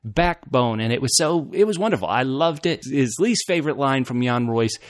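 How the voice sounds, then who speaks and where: A man co-hosting a casual fan discussion show, animated and laughing often, restarting his phrases as he talks. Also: medium pitch, moderate pace, dry recording, studio quality. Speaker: podcast co-host.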